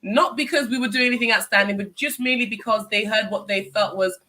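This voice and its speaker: A woman's voice: medium pitch, quick pace, sharp tone. A woman from the UK, co-hosting a casual chat, emphatic, who often calls people sis. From born in Cameroon, raised in the UK. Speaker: co-host.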